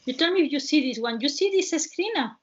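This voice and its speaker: A woman from southern Spain with an Andalusian Spanish accent, a Spanish speaker presenting in halting English with many restarts and fillers, hosting a webinar over a video call. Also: high-pitched, lively intonation, highs cut off. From Cádiz province, Spain. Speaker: webinar host and travel guide.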